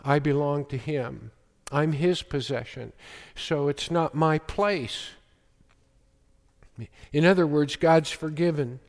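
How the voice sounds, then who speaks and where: A man preaching a sermon as pastor, slow and emphatic, often quoting scripture. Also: a little high, big-room sound.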